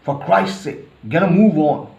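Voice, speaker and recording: A man's voice: a little high, a little slow, gravelly, a little mellow, voice pushed up. A man reading out the lines of a tense male prison officer, urgent and curt. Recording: roomy, dull lo-fi sound.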